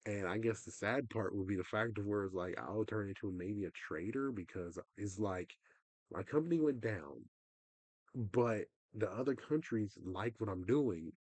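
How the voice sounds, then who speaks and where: Husky, frustrated man rambling on stream. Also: on the low side, normal speed, darkish tone, no room sound. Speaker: livestreamer. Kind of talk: casual livestream rant.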